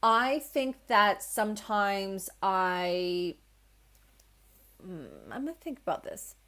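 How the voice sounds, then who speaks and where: A young woman hosts her own spiritual podcast, speaking alone to her listeners. She talks in a relaxed, reassuring way, circling her points with easy fillers and asides. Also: mid-range voice, slow pace. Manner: warm, reassuring, conversational with many fillers. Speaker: podcast host. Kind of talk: solo spiritual podcast talk.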